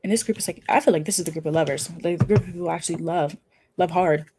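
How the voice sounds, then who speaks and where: A woman's voice: on the low side, racing, noisy background. A woman giving a casual pick-a-card tarot reading, effusive and emphatic, with casual swearing. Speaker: tarot reader.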